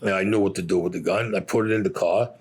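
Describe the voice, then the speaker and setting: A man's voice: deep voice, fairly even intonation, quick pace, darkish tone, slightly rough. An older man telling his own story bluntly, swearing freely and acting out what others said. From Brooklyn, New York. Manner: blunt, profane, acts out other people's lines. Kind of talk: first-person storytelling.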